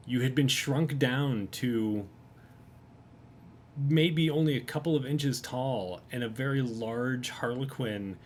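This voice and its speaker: A man acting as game master, narrating a tabletop game in a relaxed way, with fillers and easy laughter. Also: mid-range voice, slight background noise.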